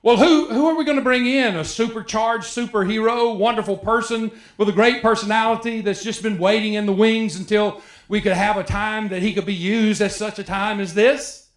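A man's voice: high-pitched, fairly even intonation, moderate pace. A man preaches a sermon. He keeps it conversational and joking, throwing rhetorical questions at his listeners. His voice rings out in an echoey church room. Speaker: pastor.

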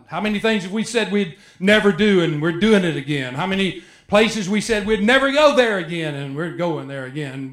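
A man's voice: high-pitched, a bit bright, echoey room. A man preaching a sermon in a conversational, joking way, full of rhetorical questions to his congregation. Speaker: pastor.

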